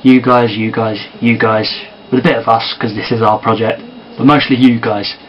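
A man talking quietly and softly to camera in a casual sit-down vlog. He sounds tired. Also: mid-range voice, little pitch movement, normal speed, lo-fi sound, a little hiss or hum. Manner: quiet and soft-spoken. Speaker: vlogger and amateur filmmaker.

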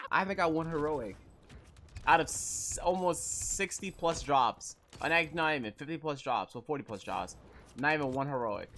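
Animated, excitable gaming commentator. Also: medium pitch, moderate pace, a little hiss or hum. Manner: excitable, frustrated, slangy, restless. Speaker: gaming YouTuber. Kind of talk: casual gameplay commentary.

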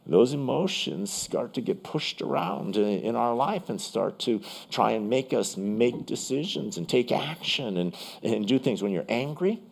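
A man's voice: mid-range voice, animated, measured pace, gravelly, hardly any pauses. A man preaching a sermon in a church as pastor, in a conversational, vivid storytelling manner.

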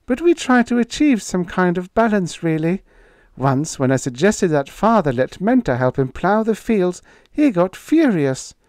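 A man reading aloud, voicing a sad, earnest young woman in a soft, pleading way. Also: high voice, very animated, measured pace, no echo, clean studio sound, pitched above the performer's own voice.

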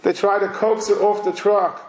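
A male rabbi giving a sermon, telling a story slowly and emphatically. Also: high-pitched, level tone, darkish tone. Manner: slow, emphatic, vivid narration. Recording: roomy hall echo.

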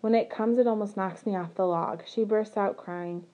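A woman reading a novel aloud in first person, with earnest, steady storytelling. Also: medium pitch, moderate pace, lo-fi sound. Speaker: audiobook narrator.

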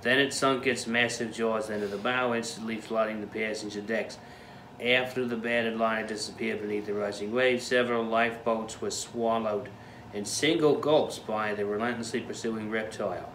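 A man's voice: on the low side, fairly even intonation, normal speed, a bit bright, a little hiss or hum, close to an everyday voice. A man reading a news article aloud in a put-on Boston accent, in a hammy mock-serious newsreader manner, in an echoey room. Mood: mock-dramatic.

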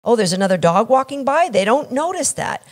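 A woman's voice: a little high, very animated, a little fast. A woman from Canada, a dog trainer explaining a training idea, acting out little scenes and checking in with "right?".

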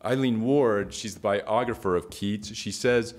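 A man's voice: lowish voice, unhurried, few pauses. A man giving a storytelling talk, retelling a myth dramatically with lots of repetition. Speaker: speaker.

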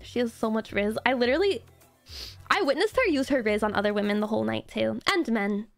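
High-pitched girl vtuber giggling and gushing to chat, casual stream talk, bit of music in the back. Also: fairly quick, dry recording. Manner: giggly, gushing storytelling with frequent laughs.

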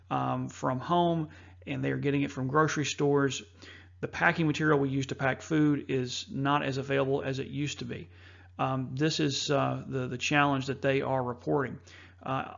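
Earnest man with a gravelly voice. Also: on the high side, a bit bright, lo-fi sound. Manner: earnest, measured, with frequent fillers. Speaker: host. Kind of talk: scripted narration over slides.

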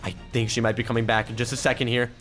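A man hosting a gaming channel, giving excitable, exclamatory commentary as he plays and reading other players' chat aloud in his own voice. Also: mid-range voice, very fast, soft background music. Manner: excitable, exclamatory, keeps repeating "oh my goodness". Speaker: YouTuber gaming host. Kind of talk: let's-play gameplay commentary.

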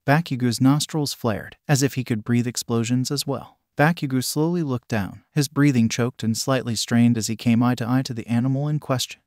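A man reading a fanfic story aloud in an even, plain way. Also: mid-range voice, moderate pace, hardly any pauses, dry recording, clean studio sound. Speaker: narrator.

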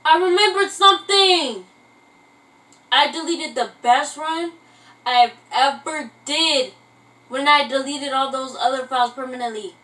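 A woman's voice: high voice, steady tone, a little slow, bright, forceful tone, recorded from a distance, low-quality recording. A young woman vlogging in casual chat, rambling and self-mocking, who keeps breaking into bits of song. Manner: breaks into singing snatches. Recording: voice from away from the mic.

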